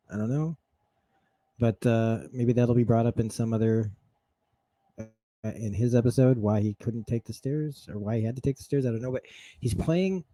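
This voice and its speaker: A man recaps a TV episode in a loose, stream-of-consciousness ramble, his enthusiasm spilling into frequent laughs. His voice sits at an ordinary middle pitch. The sound is dry and close, with no room around it. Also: dark tone, dry recording. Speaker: host. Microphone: streaming setup mic.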